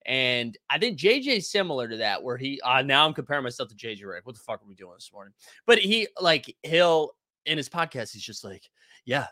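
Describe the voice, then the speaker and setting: A young adult man hosting a casual basketball live stream, talking loud and animated and answering the chat. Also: medium pitch, a little fast, dry recording, clean studio sound. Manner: loud, animated, yells often; reads and answers chat comments.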